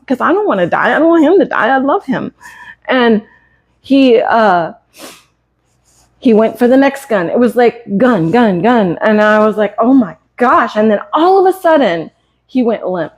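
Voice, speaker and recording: A woman in her fifties from the United States, a cat breeder on a live stream, telling a hard personal story in a halting, earnest, emotional way. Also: a little high, highs cut off. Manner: halting and earnest, with many hesitations. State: emotional, close to tears.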